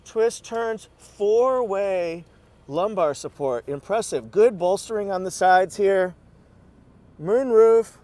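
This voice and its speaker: A man giving a casual, excitable walkaround review from inside a pickup truck cabin, exclaiming and repeating phrases playfully. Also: high-pitched, takes it slowly. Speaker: car reviewer.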